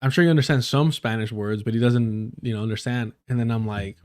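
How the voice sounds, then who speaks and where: A man hosting a live stream, chatting loosely and swearing often. His tone is joking and full of slang, at an ordinary pitch for a man. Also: steady tone, brisk, darkish tone. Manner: profane, joking, uses a lot of slang. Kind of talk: casual storytelling on a live stream.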